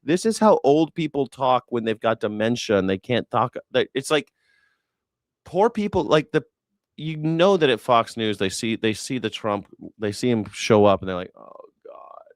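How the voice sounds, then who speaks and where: A man's voice: medium pitch, lively intonation, normal speed, no room sound. A man hosting a news reaction show, heckling and mocking with crude sarcasm. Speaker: host.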